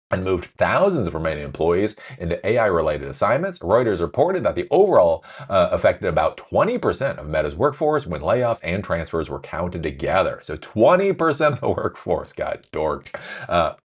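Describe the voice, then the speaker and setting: A deep-voiced man hosting a podcast commentary, reading news excerpts and then ranting about them with heavy sarcasm. His pitch swings widely, which makes the delivery animated. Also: breathy edge. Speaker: host.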